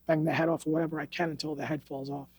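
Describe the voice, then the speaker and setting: A man's voice: fairly high pitch, little pitch movement, racing, vocal fry, a little mellow, slightly rough, no echo. A man from New York, a martial arts instructor, telling stories on a podcast in a blunt, profane, streetwise way. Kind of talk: casual interview storytelling. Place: podcast studio.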